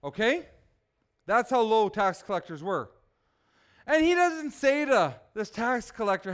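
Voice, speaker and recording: A man's voice: sits high, very animated, unhurried, a bit bright, smooth. A man preaching a sermon in church, emphatic and often asking the congregation questions. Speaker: pastor.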